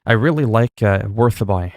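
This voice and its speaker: A man's voice: on the low side, moderate pace, no echo. A male streamer chatting casually while playing a game, laid-back and rambling, with plenty of swearing. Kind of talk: casual gaming livestream chat.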